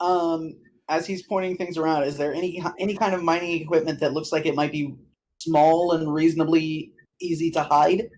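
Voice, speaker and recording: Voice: medium pitch, fairly even intonation, normal speed, darkish tone. Hesitant d&d player, lots of ums, faint hiss in the background. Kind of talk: casual game chat.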